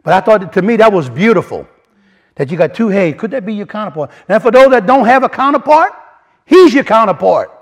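A man delivering a sermon, talking his congregation through word meanings. His voice sits high and moves with wide swings of pitch. He often restarts phrases and leans into key words. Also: brisk. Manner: animated, repeats and restarts, rising emphasis, colloquial grammar. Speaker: preacher. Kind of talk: sermon teaching from word studies.

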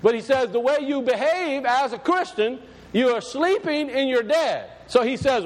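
A man preaching as pastor, with a high, light voice and a plain-spoken, folksy delivery. He drives his points home with emphasis. The sound carries a long, hall-like reverb. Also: lively intonation, normal speed. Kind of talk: sermon.

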